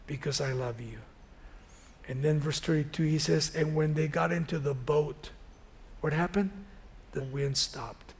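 Male preacher, high and gravelly voice, lively chatty sermon delivery. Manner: animated, conversational retelling of a Bible story.

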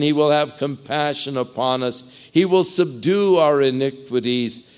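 A man preaching a sermon, emphatic and dramatic, swinging between loud bursts and hushed asides. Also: medium pitch.

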